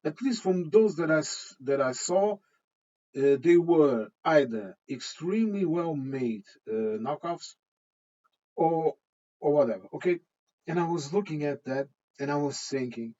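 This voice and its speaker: A man's voice: on the high side, lively intonation, unhurried, a little mellow, lo-fi sound. A man hosting his own channel, ranting casually to camera with frequent restarts and chuckles. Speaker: channel host. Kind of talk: casual opinion rant to camera.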